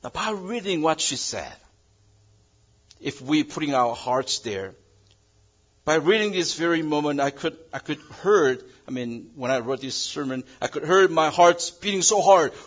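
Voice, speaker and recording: Husky preacher with a lively, swinging delivery. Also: male voice, a little high, unhurried, highs cut off. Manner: dramatic swings between loud emphasis and quiet hush; non-native English phrasing. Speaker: pastor. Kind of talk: sermon.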